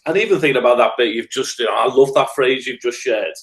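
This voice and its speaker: A man's voice: mid-range voice, fast talker, a bit bright. A middle-aged man with a Scouse accent, speaking earnestly and thoughtfully as a podcast guest. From Liverpool, England. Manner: earnest, thoughtful, builds points in lists. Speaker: guest, restorative practice trainer. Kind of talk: reflective podcast conversation.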